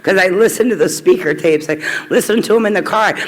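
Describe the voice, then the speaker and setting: A woman's voice: medium pitch, a little fast. Woman, middle-aged, frank, self-mocking, personal testimony, long hall echo. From Kentucky. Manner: candid, blunt, self-deprecating humor. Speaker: recovery meeting speaker. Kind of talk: personal testimony talk to a crowd. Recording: reverberant hall.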